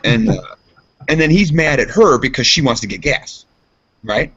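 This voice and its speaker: A man co-hosting a casual podcast, telling a rambling story and jumping into high voices for quotes. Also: lively intonation, moderate pace, a bit bright, breathy edge. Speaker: podcast co-host. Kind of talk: casual chat. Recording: dull lo-fi sound.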